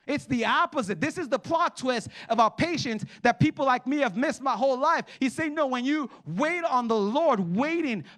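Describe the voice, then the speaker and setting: A man with a high voice delivering a sermon in a lively preaching manner. He swings between loud, drawn-out lines and quiet, quick asides, and he keeps calling on the congregation to respond. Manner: animated preaching with sudden drops to quiet asides. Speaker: pastor.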